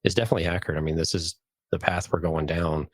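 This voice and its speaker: A man's voice: sits low, flat delivery, fast, no room sound. A man co-hosting a podcast, chatting in a jokey, enthusiastic way. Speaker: podcast co-host. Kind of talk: casual chat.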